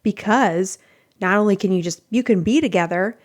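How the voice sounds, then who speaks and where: Casting note: middle-aged woman, chatty host, animated, acts out quotes, mid pitch. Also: moderate pace. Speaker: relationship podcast host. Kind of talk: casual advice monologue.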